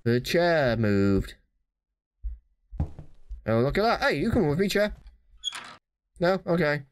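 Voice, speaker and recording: A man giving dry, deadpan let's play commentary while playing a horror game. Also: fairly high pitch, takes it slowly.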